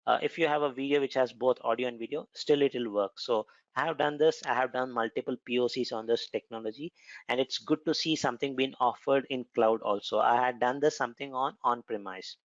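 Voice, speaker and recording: A man's voice: mid-range voice, fairly quick, dry recording. Man with an Indian accent teaching. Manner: conversational, repeats words, frequent "uh" fillers. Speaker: cloud computing instructor. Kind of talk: explanatory tutorial lecture. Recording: dull, lo-fi, dry sound.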